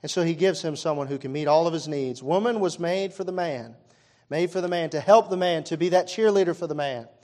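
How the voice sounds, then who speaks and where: Pastor guy preaching, kinda high voice, chatty with lots of uhs, gets loud and punchy. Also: fairly quick. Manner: conversational preaching, frequent fillers, rises to loud emphatic peaks. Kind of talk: sermon.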